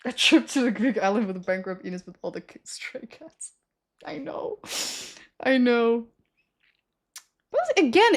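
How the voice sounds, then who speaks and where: Slangy young woman streamer, slightly high voice. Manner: rambling, self-correcting, slangy. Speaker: livestreamer. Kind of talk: casual storytelling to stream chat.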